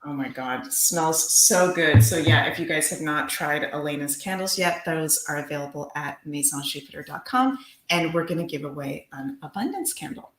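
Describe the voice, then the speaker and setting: A woman's voice: low-pitched, expressive, moderate pace, hardly any pauses, a bit bright, echoey room, low-quality recording. A woman co-hosting a livestream, chatting in an upbeat, gushing way as she promotes products and shows. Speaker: livestream co-host. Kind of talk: livestream chat.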